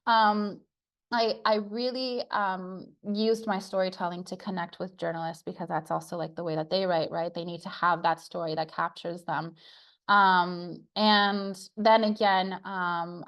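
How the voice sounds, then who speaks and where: Young woman on a video call, spanish is her first language, lots of ums and restarts, just chatting. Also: fairly low pitch. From United States. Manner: chatty, many filler sounds and restarts. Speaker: guest. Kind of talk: casual interview chat.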